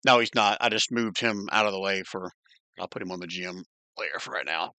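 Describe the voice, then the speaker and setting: A man runs a tabletop game, talking rules through in a relaxed way. His voice is bright and recorded dry and close. He narrates and answers players calmly. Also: deep voice, fairly quick, no echo. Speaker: game master.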